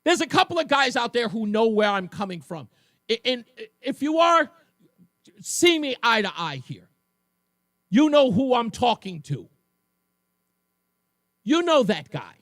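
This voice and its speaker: A man's voice: a bit bright, dry recording, clean studio sound. A man hosting a talk radio show, delivering a fiery, mocking monologue and taking callers. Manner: fiery, mocking, mimics others in shrill voices. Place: radio studio.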